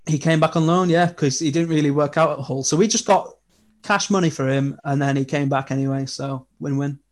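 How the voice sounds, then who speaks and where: A young man, chatting casually and telling animated football stories as a podcast guest. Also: on the high side, fairly quick. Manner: animated storytelling with laughs. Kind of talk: casual chat.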